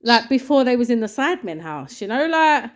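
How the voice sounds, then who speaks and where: Animated woman telling a story. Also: on the high side, a little fast. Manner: animated storytelling, acts out shouts and quotes. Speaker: podcast co-host. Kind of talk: casual chat.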